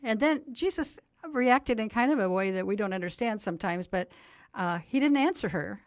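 Older woman, Bible teacher, earnest explainer, mid pitch, dry close sound. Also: lively intonation, normal speed, dry recording. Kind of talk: radio interview, storytelling.

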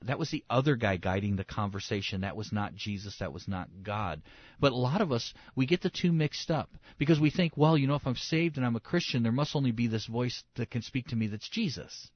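A male pastor preaching a sermon, swinging between loud emphasis and soft hushed asides, acting out quoted voices. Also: mid-range voice, expressive, fairly quick, dry recording, dull audio. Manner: acts out quoted voices and inner dialogue.

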